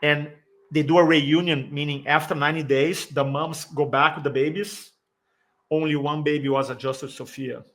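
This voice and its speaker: Guy on a podcast telling a big emotional story, voice a little high, does the voices, grammar slightly off. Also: moderate pace. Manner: animated, acts out quoted voices, slightly non-native grammar. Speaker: podcast guest, speaking coach. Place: San Diego area.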